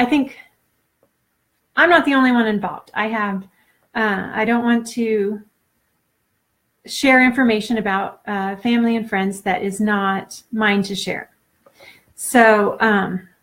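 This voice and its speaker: A woman in her forties talking off the cuff to a camera, halting and earnest, close to tears, with many fillers and restarts. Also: a little high, fairly bright tone. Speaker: vlogger. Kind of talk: unscripted personal talk to camera.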